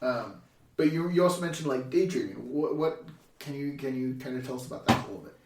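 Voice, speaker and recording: A man's voice: mid-range voice, fast talker, slight background noise. A young man hosting a casual podcast chat, telling stories with acted-out quotes and frequent laughter. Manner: animated storyteller, acts out quotes loudly, laughs often. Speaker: podcast host. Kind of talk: casual conversation. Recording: echoey room, mic at a distance.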